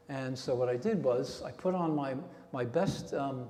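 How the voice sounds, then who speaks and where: A man's voice: mid-range voice, normal speed, dark tone. A man leading a radio club meeting, telling a rambling casual story to the members. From New Jersey. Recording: echoey hall with long reverb.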